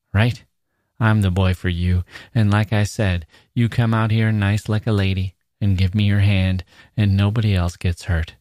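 A man's voice: on the low side, a little mellow, no echo, studio quality, lightly acted. A man reading aloud voices a menacing young man who talks in an insistent, slangy, wheedling way. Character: menacing young man, smooth-talking predator.

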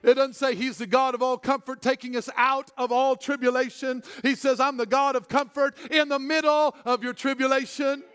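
A male pastor preaching a sermon, swinging between loud, excited preaching and hushed, tender speech. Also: extremely high pitch, normal speed, hardly any pauses, smooth, big-room sound. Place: church hall.

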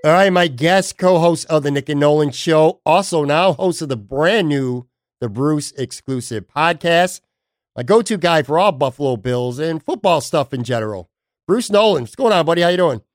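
A man's voice: fairly high pitch, expressive, moderate pace, no room sound, studio quality. A man hosting a sports podcast, talking in a blunt, emphatic, casual way with the odd swear word. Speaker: podcast host.

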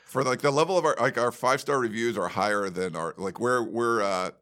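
A man's voice: medium pitch, brisk, a bit bright. A man co-hosting a podcast in a studio, in casual, rambling chat full of fillers. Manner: rambling, laid-back, lots of fillers. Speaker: podcast co-host.

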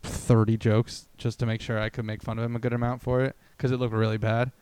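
A man's voice: mid-range voice, level tone, fast, darkish tone, slight background noise. A man co-hosting a casual comedy podcast, rambling through crude stories and acting out quotes from people he met. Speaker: podcast co-host.

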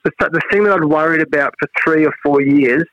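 Aussie bloke, middle-aged, chatty storyteller, bit high voice, dull dry sound. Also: male voice, fairly quick, dry recording. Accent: Australian. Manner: animated, acts out quoted voices with big pitch jumps. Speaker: national cricket head coach, guest. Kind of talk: casual storytelling interview.

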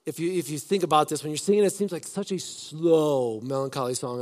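A man preaching a sermon as pastor, swinging between loud emphatic lines and soft hushed ones. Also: fairly high pitch, quick pace, hardly any pauses, long reverb tail.

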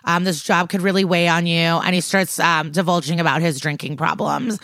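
A woman's voice: fairly low pitch, steady tone, a bit bright, dry recording, studio quality. A woman co-hosting a podcast, casually retelling a TV episode and tossing off the characters' lines as she goes. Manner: brisk retelling, acts out quotes in passing. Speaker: podcast co-host recapping a TV episode. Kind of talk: casual chat recap.

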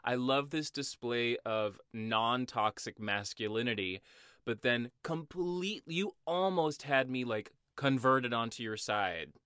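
A man's voice: medium pitch, animated, slow, pushed and bright, clear, resonant tone, dry recording, studio quality. A man co-hosting a podcast, talking frankly and casually about a film, swearing and laughing easily. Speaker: podcast co-host.

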